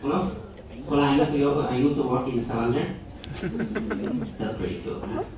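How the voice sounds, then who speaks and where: A man's voice: mid-range voice, moderate pace, a crowd in the background. A man doing a rambling stand-up set, often laughing at his own jokes, recorded from far off in an echoey, noisy venue. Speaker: stand-up comedian. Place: indoor comedy venue. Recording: echoey room, far camera mic, loud noise.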